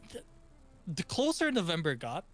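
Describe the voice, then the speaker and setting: A man's voice: high voice, huge pitch swings, moderate pace, faint music behind. A man telling a story in casual chat, acting out quotes from his chat and friends. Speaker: VTuber guest.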